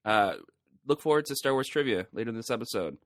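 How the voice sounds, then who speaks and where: A young man co-hosting a podcast, making wry deadpan asides. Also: mid-range voice, fast, no room sound, studio quality. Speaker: podcast co-host. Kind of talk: casual chat.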